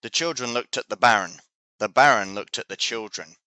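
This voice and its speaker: A man teaching English, reading a children's story aloud slowly and clearly. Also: mid-range voice, sharp tone, no room sound. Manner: slow, clear, deliberate reading.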